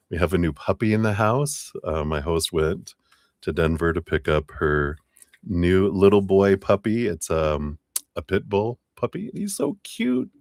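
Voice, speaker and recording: A man's voice: low-pitched, no echo, studio quality. A man hosting a live tarot reading stream, chatting in an upbeat, friendly way and laughing often. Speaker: tarot reader host.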